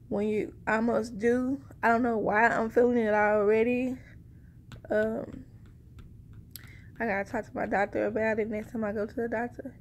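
Woman vlogger, fairly high voice with vocal fry, chatty and rambling, slightly breathless. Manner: chatty, rambling, addresses viewers directly. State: short of breath. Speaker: vlogger sharing a pregnancy update. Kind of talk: casual chat to camera.

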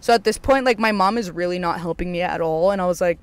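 A young adult podcast host telling a story casually, swearing often, full of fillers, acting out their own past lines, and swinging high and loud when excited. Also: fast talker, smooth.

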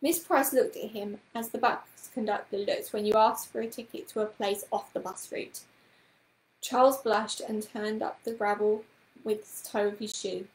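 A woman reading a children's book aloud as a storyteller, with calm, even narration. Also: medium pitch, moderate pace. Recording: roomy echoing room.

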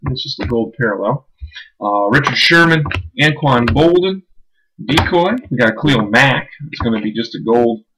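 A man's voice: medium pitch, lively intonation, moderate pace, background noise. Casual man calling out a card break. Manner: casual, chatty, calls out cards and names. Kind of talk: live-streamed card break commentary.

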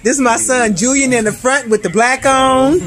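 A woman's voice: high-pitched, steady tone, normal speed. A woman in her fifties from California with a casual, exclamatory vlog manner, showing off fresh seafood outdoors at night. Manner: exclamatory, laughs often, chatty. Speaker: vlog host, personal chef. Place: outdoors at night, family gathering. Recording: crowd of family chatting behind.

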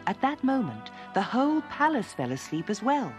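A woman narrating a fairy tale for children in an expressive, lilting storytelling manner. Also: a little high, normal speed, music in the background.

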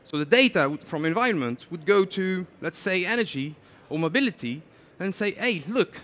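A man giving a lively conference talk, chatty and animated, often saying "you know". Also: sits high, a little fast. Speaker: conference speaker. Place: conference stage.

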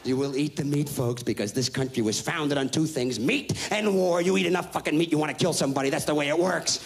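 A man in his thirties doing a loud, profane stand-up rant on a live stage. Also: high voice, gravelly, a little hiss or hum. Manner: loud, profane, ranting, mocking voices. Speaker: stand-up comedian. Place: stage before a live audience. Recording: live stage recording with audience.

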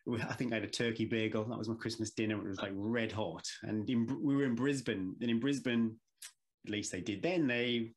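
A British man co-hosting a podcast, relaxed and easygoing as he tells travel stories in casual banter. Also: medium pitch. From Britain. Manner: relaxed, easygoing, frequent fillers and laughs. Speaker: podcast co-host.

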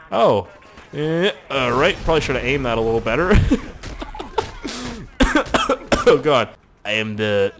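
A man narrates his video game play in a loose, joking stream of commentary, cursing freely and getting worked up easily. His pitch swings widely from phrase to phrase. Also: a little hiss or hum. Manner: excitable, profane, joking running commentary. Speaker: gaming commentator.

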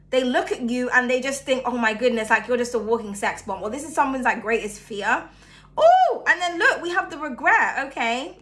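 A young woman talks through a tarot reading in a loose, chatty way. Her voice sits high and bright, and it jumps between loud bursts and hushed asides. She laughs often as she goes. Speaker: tarot reader.

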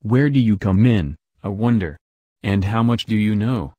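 A man's voice: lowish voice, moderate pace, warm tone, no room sound, natural voice. Grim, fierce mysterious man, as a narrator voices him.

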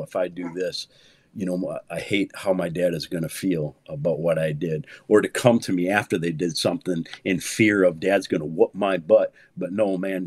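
A man in his fifties, a pastor, talking in an animated preaching way, swinging from low murmurs to loud, high exclamations and leaning on "man" for emphasis. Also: slightly rough, no room sound. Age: 50s. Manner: peppers speech with "man", repeats words for emphasis.

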